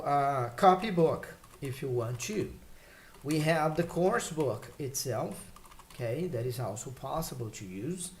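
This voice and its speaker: A man teaching English vocabulary in a relaxed, explanatory way, pausing with fillers and checking in with "okay?" and "right?". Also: on the high side. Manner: explains slowly with many fillers and check questions. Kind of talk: casual spoken lesson.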